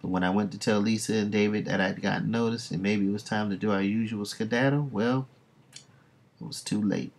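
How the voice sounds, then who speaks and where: A man reading the lines of a young half-alien woman, low and matter-of-fact. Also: fairly even intonation, brisk.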